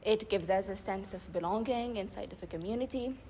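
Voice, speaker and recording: A young woman delivering a public speech at a debate club event, building her points with rhetorical questions and measured emphasis. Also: medium pitch, mellow, a little hiss or hum. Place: live event before an audience.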